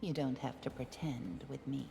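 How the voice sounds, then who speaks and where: A proud, hard tribal woman with a very low, gravelly voice. She speaks slowly and confidingly, as game dialogue drenched in a long, roomy reverb. Soft game music plays underneath. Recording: echoey reverberant game audio.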